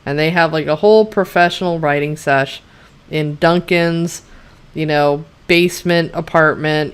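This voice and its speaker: A woman with a lowish, smooth and clear voice rants through a TV recap. Her tone is blunt and sarcastic, with freely dropped swear words. Chatty "you know" and "like" asides run all through her talk. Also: fairly bright tone. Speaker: TV show reviewer. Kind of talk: casual rant recapping an episode.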